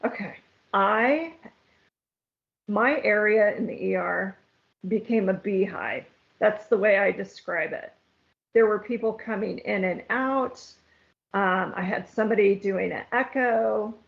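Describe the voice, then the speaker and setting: A woman's voice: mid-range voice, vocal fry. A woman guest telling her own story in an interview, earnest and at times tearful. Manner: emotional, halting, tearful at times. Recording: slightly dull, lo-fi sound.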